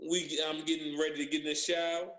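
A man telling lively stories from his playing days in casual chat, acting out what others said. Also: on the high side, fast, roomy sound, low-quality recording. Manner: animated storyteller, acts out others' lines. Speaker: former pro basketball player guest. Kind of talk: casual storytelling on a podcast.

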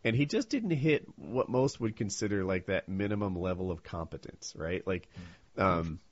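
A man's voice: sits low, animated, moderate pace, no room sound. A man co-hosting a casual group podcast, explaining at length with many restarts and fillers. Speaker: podcast co-host. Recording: dull lo-fi sound.

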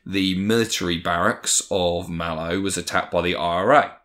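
A man with a fairly low voice co-hosts a podcast and tells history stories in a casual way. He jokes and swears freely between the facts. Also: normal speed. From Ireland. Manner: swearing, animated banter. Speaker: podcast co-host. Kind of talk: casual chat and history storytelling.

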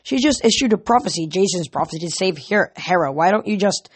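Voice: medium pitch, expressive, fairly quick, breathy edge. A reader voicing a scornful teenage girl who sneers. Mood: sneering. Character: mean sneering teen girl.

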